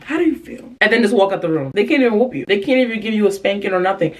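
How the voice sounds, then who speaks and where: A young woman reading out viewer confessions and answering them bluntly, with sassy slang and quick comebacks. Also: mid-range voice, lively intonation, soft background music. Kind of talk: casual commentary on confessions.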